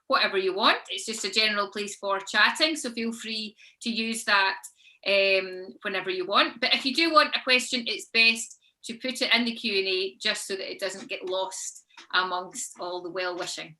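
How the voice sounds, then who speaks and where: Bright-voiced woman hosting a panel. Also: mid-range voice, moderate pace. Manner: chatty, with frequent ums. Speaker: panel host. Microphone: video call.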